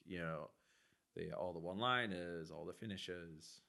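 A man's voice: deep voice, measured pace, creaky, sharp tone. A man with a Teesside accent co-hosting a podcast, chatty and upbeat, with many fillers. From Teesside, England. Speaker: podcast co-host. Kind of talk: casual chat.

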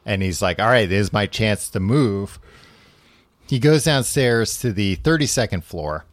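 A man's voice: on the low side, lively intonation, unhurried, no room sound, studio quality. A man casually recapping a book on a podcast, rambling with lots of fillers and laughing often. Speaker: podcast host.

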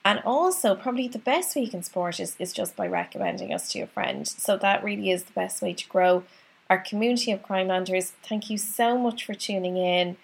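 A woman's voice: mid-range voice, sing-song, fairly quick, husky. An Irish woman hosting a podcast, chatting in a bubbly, rambling, self-mocking way as she opens the episode. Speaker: podcast host.

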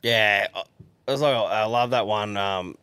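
A man's voice: fairly low pitch, measured pace, bright, forceful tone, clear, resonant tone, dry recording. An Australian man co-hosting a podcast, easygoing and profane in casual banter. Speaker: podcast co-host.

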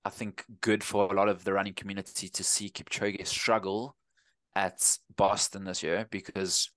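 A man's voice: low voice, flat delivery, normal speed, a bit bright, no echo. A man in his thirties with a South African accent, a running coach chatting easygoing as an interview guest, often restarting his sentences. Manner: easygoing, rambling with frequent restarts. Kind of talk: casual interview chat.

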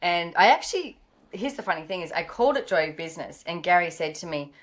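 A middle-aged Australian woman, a guest author, telling animated stories and acting out the dialogue. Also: quick pace. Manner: lively, acts out quoted dialogue with pitch jumps. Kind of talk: animated storytelling in interview.

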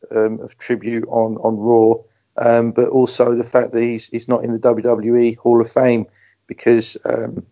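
Podcast guy, mellow and really flat delivery, lots of ums, muffled audio. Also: medium pitch. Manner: hesitant, many fillers, respectful tone. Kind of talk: casual podcast chat.

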